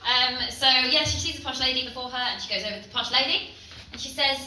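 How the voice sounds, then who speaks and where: A woman doing a rambling, deadpan stand-up set full of hesitant ums. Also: high voice, quick pace. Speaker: stand-up comedian. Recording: echoey room, far mic, noisy.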